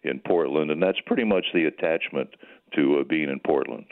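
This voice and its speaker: A man's voice: extremely low pitch, fairly quick. An older man, a retired sports broadcaster, calling in by phone and reminiscing in a folksy, chatty way. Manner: folksy, chatty, many fillers and restarts. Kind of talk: reminiscing interview answers. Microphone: telephone. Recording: tinny phone line.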